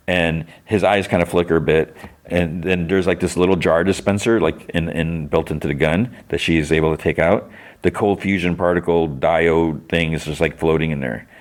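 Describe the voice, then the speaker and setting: A man hosting a podcast, casually recapping a show's plot in a rambling way, full of "like"s and restarts. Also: deep voice. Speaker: podcast host.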